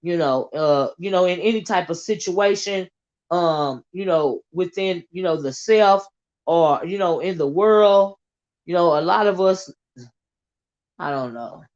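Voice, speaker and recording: A woman's voice: lowish voice, unhurried, a little mellow. Southern american lady rambling on her livestream, lots of ums and you knows, kinda muffled sound. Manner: rambling, many fillers and restarts, Southern Black American vernacular turns. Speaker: livestream host reading comments. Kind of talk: casual livestream chat.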